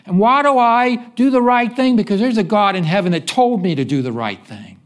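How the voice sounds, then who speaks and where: A man preaches in church in a plainly folksy, conversational way, stopping often to let the congregation call out the missing word. His voice sits high and swoops up and down with plenty of life. He repeats himself casually as he works through the point. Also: animated, fairly quick. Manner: asks the congregation fill-in-the-blank questions. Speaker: pastor. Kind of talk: sermon.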